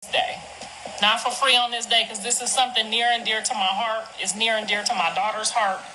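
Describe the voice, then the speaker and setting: A woman's voice: a little high, flat delivery, a little fast, background noise. A middle-aged woman talking to her followers in a blunt, profane, emphatic monologue. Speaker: mother speaking to her followers. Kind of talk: impassioned unscripted monologue.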